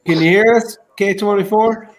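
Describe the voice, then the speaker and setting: A man's voice: sits high, fairly even intonation, moderate pace, poor audio. A man with a slightly raised voice hosts a casual live stream. He greets callers by name and reads chat comments aloud in an easygoing way.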